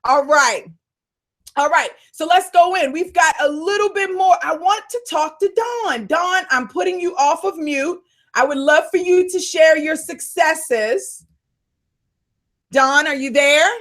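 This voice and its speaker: A woman coach hosting a live Q&A call, fired up and loud, calling her listeners y'all. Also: high-pitched, unhurried.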